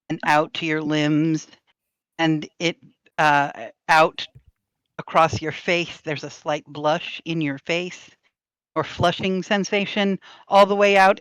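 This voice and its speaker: Woman game master, unhurried descriptive narration, smooth clear voice, dry close mic. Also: lowish voice, no echo, rough recording. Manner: slow, descriptive, expressive narration.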